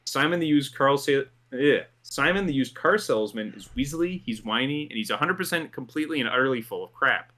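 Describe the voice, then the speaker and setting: A man's voice: medium pitch, animated, a little fast, hardly any pauses, sharp tone. A man hosting a commentary show, reading a script in an amused tone and laughing through his lines. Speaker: host.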